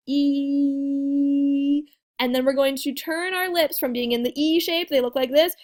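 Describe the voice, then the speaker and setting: A young woman teaching a French pronunciation lesson, encouraging and demonstrating sounds slowly with repetition. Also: high-pitched. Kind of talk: video language lesson.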